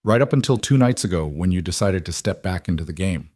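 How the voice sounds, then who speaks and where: A male narrator voices a female colonel who speaks in orders, crisp and controlled, with a cool, commanding, clipped delivery. His voice is fairly low, plain, and a little mellow, with lively intonation and a fairly quick pace. The recording is dry and close.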